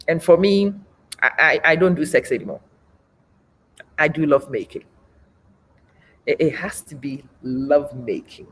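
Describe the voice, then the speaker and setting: A woman's voice: low-pitched, lively intonation, moderate pace, long pauses, fairly bright tone. A woman in her forties hosting a live stream, speaking bluntly and emphatically, repeating her points for effect. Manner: blunt, frank. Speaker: host. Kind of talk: live-stream talk, reading viewer comments.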